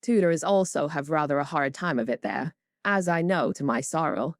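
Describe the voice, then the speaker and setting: A woman voicing a kind, quietly bitter young male tutor in a storybook reading. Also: low voice, normal speed, no echo, studio quality. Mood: earnest.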